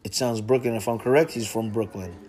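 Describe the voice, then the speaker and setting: A man's voice: on the low side, fairly even intonation, a little fast, a little mellow. A man hosting a casual podcast chat, laid-back and slangy, swearing freely. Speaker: podcast host.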